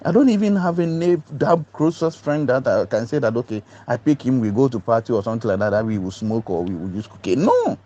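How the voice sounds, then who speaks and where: A man recounts his ordeal in a dark, mellow voice. He tells it like a storyteller, leaping high in pitch to act out the people involved, and trips over repeated words when agitated. The recording sounds muffled and lo-fi. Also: fairly quick, hardly any pauses. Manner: animated storyteller, acts out other voices with big pitch jumps. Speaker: doctor recounting a police ordeal. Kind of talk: emotional personal account.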